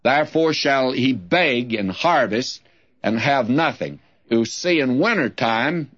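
Older male Bible teacher, slow and deliberate, lively pitch, dull lo-fi recording. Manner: slow, deliberate, reads scripture then explains it.

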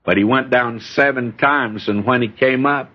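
A man preaching a sermon, telling stories in a folksy way with lively rises and falls in pitch. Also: normal speed. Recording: dull lo-fi recording.

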